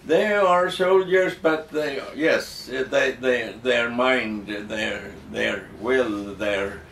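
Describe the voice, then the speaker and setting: Slow hesitant guy, lots of ums, kinda far from the mic, roomy echo. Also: medium pitch, a bit bright. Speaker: interviewee. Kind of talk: halting explanatory interview answers. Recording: echoey room, distant mic, faint noise.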